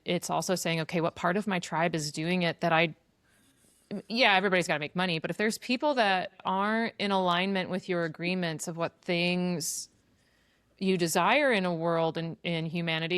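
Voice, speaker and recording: A woman's voice: on the low side, a bit bright, no echo, clean studio sound. A woman hosting a podcast, talking through ideas in a reflective, casual way with many fillers. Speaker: podcast host. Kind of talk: casual conversation.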